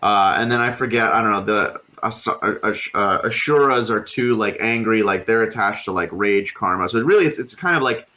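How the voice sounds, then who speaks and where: A man's voice: on the low side, normal speed, hardly any pauses, sharp tone. A man co-hosting a podcast, chatting casually and rambling with lots of fillers and casual swearing. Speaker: podcast co-host. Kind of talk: casual chat.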